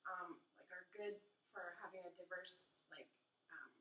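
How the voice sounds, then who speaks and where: Bright young woman in an echoey room. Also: on the low side, measured pace. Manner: chatty, many fillers, gets emotional. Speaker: student teacher. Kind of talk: casual group discussion. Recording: echoey room, far from the mic, faint ambient noise.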